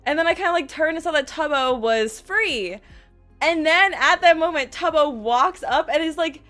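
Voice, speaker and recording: A young woman vlogger telling a casual story in an excitable, self-deprecating way, acting out what people said. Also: high voice, normal speed, faint music behind. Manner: excitable, self-deprecating, animated quoting with laughs.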